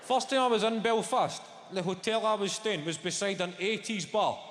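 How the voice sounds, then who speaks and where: A young Scottish man doing a stand-up routine, swearing freely and bantering with the crowd. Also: sits high. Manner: swearing, quick banter with the audience. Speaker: stand-up comedian. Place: large comedy venue in front of a live audience. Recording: echoey hall, loud audience noise.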